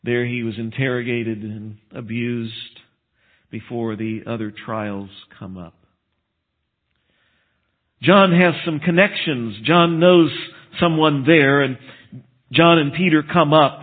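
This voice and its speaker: Male preacher, animated storytelling sermon, narrow tinny recording. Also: medium pitch. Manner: animated storytelling with asides and chuckles. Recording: tinny phone-like sound.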